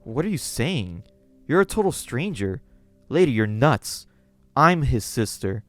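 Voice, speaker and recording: Brief: scared young sister, shrill and alarmed, voiced by a man, music faint behind. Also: sing-song, unhurried, no room sound. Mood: confused. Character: frightened young woman, panicked sister.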